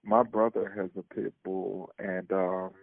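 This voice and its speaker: Panelist, male, deep gravelly voice, measured delivery, tinny phone-like line. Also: level tone, dry recording. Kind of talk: casual talk show chat.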